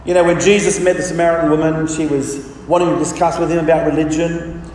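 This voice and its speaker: A man's voice: fairly high pitch, little pitch movement, quick pace, darkish tone, slight background noise. A man preaching a sermon with emphatic delivery and rhetorical questions. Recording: echoey hall from far off.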